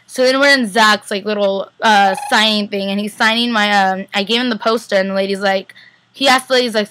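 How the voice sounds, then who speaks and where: A young woman vlogger telling a story in a fast, excited, casual way. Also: mid-range voice, no echo, rough recording. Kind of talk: casual chat.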